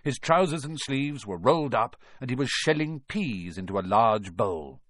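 A man narrating a storybook in an expressive, lively reading. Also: medium pitch, moderate pace, hardly any pauses, dry recording, clean studio sound. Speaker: audiobook narrator.

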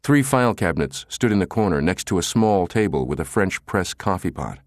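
Deep-voiced guy reading an audiobook, dry close sound, steady. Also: a little fast, no echo. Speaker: audiobook narrator. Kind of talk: audiobook narration.

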